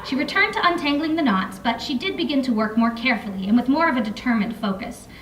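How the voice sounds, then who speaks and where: Pitched high and moving quickly, this young adult woman's fairly bright voice carries through an echoey library room as she reads from her novel. Between passages she drops into casual asides packed with fillers. Picked up from a far-off mic, the recording has a little hiss or hum.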